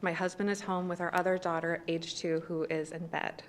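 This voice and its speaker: A woman in her thirties reads a prepared statement to a city council, audibly emotional and close to tears. Her somewhat low voice is shaky and halting. She speaks into a podium microphone in a council chamber. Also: flat delivery, a little hiss or hum. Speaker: resident speaking at public comment.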